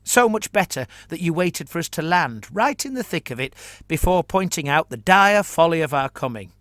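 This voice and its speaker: A man's voice: a little high, animated, a bit bright, no echo, pitched above the performer's own voice. Baccio, a man voicing a sarcastic mercenary chancellor. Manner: sardonic, brisk, dismissive.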